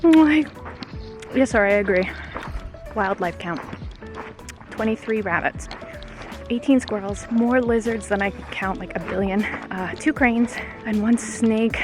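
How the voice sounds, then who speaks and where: A woman in her forties talks casually on a hiking vlog, chatty and self-deprecating, easily sidetracked. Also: mid-range voice. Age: 40s. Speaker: vlogger. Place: outdoor hiking trail in a park.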